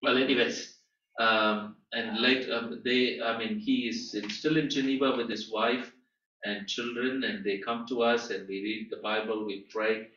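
A man giving an earnest Bible-school lecture, telling a personal testimony in a halting way with pauses. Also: on the low side, steady tone, sharp tone, a little hiss or hum. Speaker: guest teacher at a Bible school. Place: lecture room. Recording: echoey room, distant dull mic.

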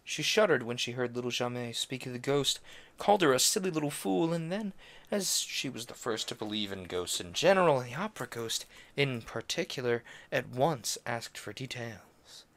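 A man's voice: mid-range voice, expressive, normal speed, a bit bright. A man reading a classic novel aloud on a stream, tripping over French names, correcting himself and adding brief offhand asides. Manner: adds brief offhand asides between passages. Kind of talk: casual read-aloud narration.

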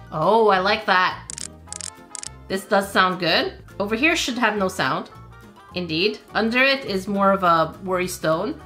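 A woman hosting a gaming video, talking through mobile games in casual let's-play commentary and reacting aloud with laughs and quick exclamations. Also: medium pitch, sharp tone.

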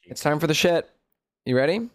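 A man's voice: on the high side, expressive, moderate pace. A man hosting a live game stream, chatting playfully and thanking viewers. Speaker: streamer host. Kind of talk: casual live stream chat.

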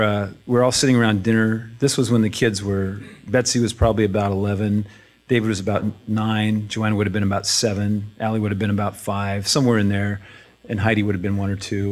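A middle-aged man pastor speaking in a church, conversational and self-deprecating, with halting restarts. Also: on the low side, steady tone. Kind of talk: casual sermon talk.

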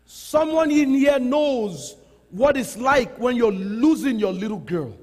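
A middle-aged male pastor preaches in an animated way, laughing and repeating himself for emphasis. His voice is high for a man, slightly husky, and swings up and down a lot. His words are slow and drawn out and carry the long reverb of a large hall. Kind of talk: sermon.

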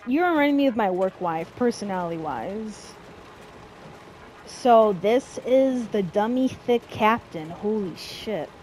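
A woman's voice: medium pitch, lively intonation, unhurried, darkish tone, slight background noise, rough recording. A woman casually commenting on a game she is playing, with amused playful reactions. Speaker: gameplay streamer.

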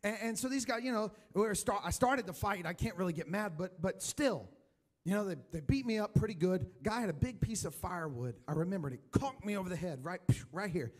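A man preaching a sermon in church, telling his personal testimony, rising loud for emphasis and dropping to a hushed voice when emotional. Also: sits high, expressive, a little fast. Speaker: pastor.

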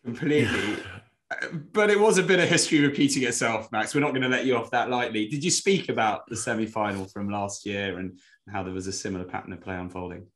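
Podcast co-host, lowish voice, teasing, asks pointed questions. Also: male voice, quick pace, a bit bright. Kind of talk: casual podcast chat.

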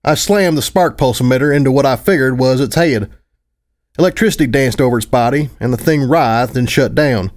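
A man's voice: medium pitch, a little fast. A man narrating a fan fiction audiobook in first person, with a wry, dry delivery.

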